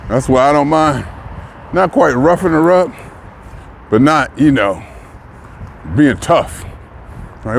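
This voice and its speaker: A man's voice: fairly high pitch, expressive, slow, creaky, pauses often, slight background noise. A man in his early sixties talking frankly in a casual vlog monologue while out walking, often chuckling as he talks. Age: 60s. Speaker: vlogger. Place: outdoors, walking.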